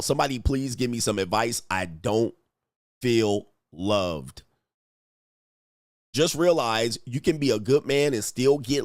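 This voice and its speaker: A man giving casual relationship commentary, reading comments aloud and reacting to them. His voice sits at a middle pitch, recorded close and dry. He talks in slang and jumps into mocking put-on voices. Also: no room sound. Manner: animated, slangy, mocks others in put-on voices.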